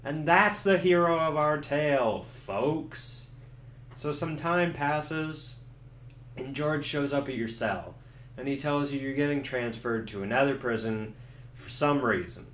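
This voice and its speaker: A young man giving a sarcastic, swearing comedic review of a video game and acting out the characters in quick voices. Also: mid-range voice, fairly bright tone, a little hiss or hum. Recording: echoey room.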